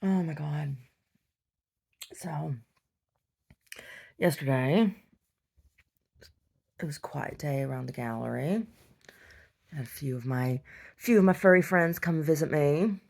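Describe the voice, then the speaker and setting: A woman talking casually in her video diary, chatty and affectionate, trailing into soft whispered asides. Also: sits low, animated, slow, creaky, pauses often. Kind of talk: casual chat.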